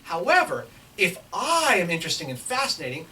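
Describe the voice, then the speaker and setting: A middle-aged man tells a comic story to a lecture audience, and his pitch leaps and dips as he acts out each line. He sounds set back from the microphone. A steady hiss of background noise runs under his voice. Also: normal speed. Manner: animated storyteller acting out other people's lines. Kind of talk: comic anecdote told to a live audience. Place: lecture hall with a live audience. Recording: distant mic with clear background noise.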